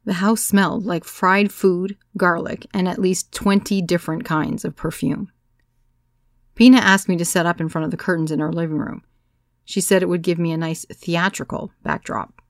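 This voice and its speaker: A woman narrating a first-person story as an audiobook, in a measured, wry storytelling manner. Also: fairly low pitch, steady tone, no room sound, studio quality.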